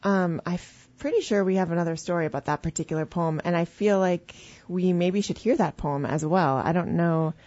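Lady host, lowish voice, hesitant, kinda dry dull recording. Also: fairly quick, few pauses, a little mellow, no echo. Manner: hesitant, thinking aloud with restarts. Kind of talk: casual interview chat.

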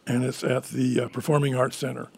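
A man's voice: medium pitch, flat delivery, fairly quick, gravelly, husky. A man with a frog in his throat, chatting casually as a guest on a radio interview, rambling with wry, self-deprecating humor. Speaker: event organizer guest.

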